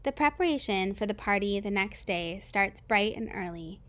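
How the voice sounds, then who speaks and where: A woman reads a novel aloud in first person, keeping her voice steady and plain. Her pitch sits in the middle range and she stays even, with the occasional small stumble. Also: normal speed. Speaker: reader.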